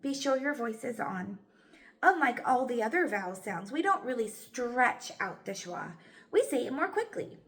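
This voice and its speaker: A woman teaching a phonics lesson, slowly sounding out words and praising often. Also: a little high, sing-song. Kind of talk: slow, clear classroom instruction. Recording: echoey room.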